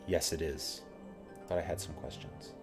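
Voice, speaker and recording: A man voicing a grave, calm scarred man with no memory, speaking low and subdued. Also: moderate pace, over music.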